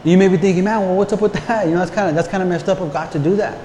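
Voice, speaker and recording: Speaking very fast in a high, mellow voice, a pastor delivers a conversational sermon full of repeated words and rhetorical questions to his audience. Long hall reverb and faint background noise mark the recording.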